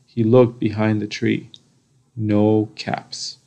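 A man reading a children's picture book aloud, slow and deliberate with pauses. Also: lowish voice, completely flat delivery, creaky, dark tone. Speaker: storybook reader. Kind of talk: children's story read-aloud.

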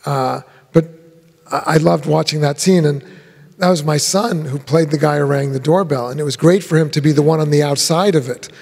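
A man's voice: on the high side, fairly quick, vocal fry, breathy edge. A man, a film director, telling rambling anecdotes in a festival Q&A and acting out the voices of people he quotes. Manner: animated storyteller who acts out quoted voices. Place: live Q&A on a theater stage. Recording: long hall reverb.

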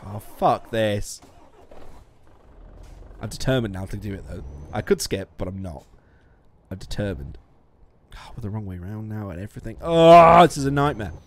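A man's voice: lowish voice, slight background noise. Chatty, swearing man streaming a game. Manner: chatty, swearing, self-mocking, laughs often. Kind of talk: casual gameplay commentary.

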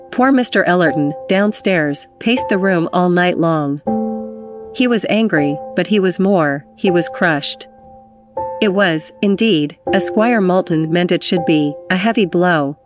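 A woman reads a classic novel aloud as an audiobook, narrating at a steady pace. Her voice is on the low side, and music plays clearly behind her. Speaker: audiobook reader. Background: background music.

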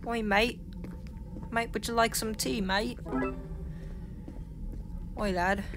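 A woman putting on a playful, exaggerated voice as a mock British man offering tea, over loud game music. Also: on the high side, steady tone, slow pace, voice pushed up. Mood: jokey.

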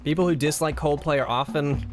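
A man's voice: fairly high pitch, steady tone, brisk, over music. A man casually chatting on a livestream, rambling and self-deprecating as he reads and answers chat. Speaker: streamer.

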